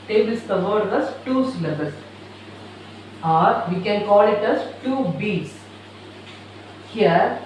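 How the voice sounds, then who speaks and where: Slow teacher dictating in an echoey room. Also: medium pitch. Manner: repeats each sentence slowly, as if dictating. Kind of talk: classroom lecture dictating notes. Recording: very echoey room, voice far from mic, faint noise.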